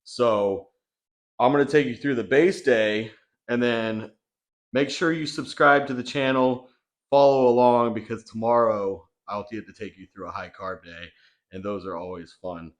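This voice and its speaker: A man's voice: medium pitch, fairly even intonation, a little slow. A young man chatting casually in a vlog, talking loosely with lots of fillers from his home kitchen. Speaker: bodybuilding vlogger.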